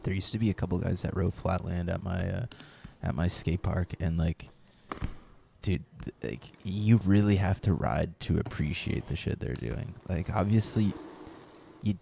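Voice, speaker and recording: A man's voice: low-pitched, moderate pace, creaky, mellow, slight background noise. A man casually chatting with live viewers while playing a BMX video game, rambling and reading the chat aloud.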